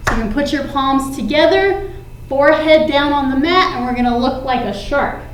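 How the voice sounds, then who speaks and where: High-voiced woman leading kids' yoga. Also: normal speed, roomy sound, a little hiss or hum, poor audio. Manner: encouraging, playful sing-song cues for kids. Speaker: kids yoga instructor. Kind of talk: guided children's yoga class.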